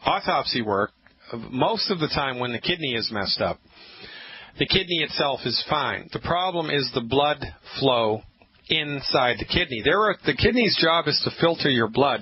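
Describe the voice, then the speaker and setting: A man hosting a call-in health radio show, talking in a preachy, emphatic way with dramatic pauses. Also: medium pitch. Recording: slightly dull radio audio with faint hiss.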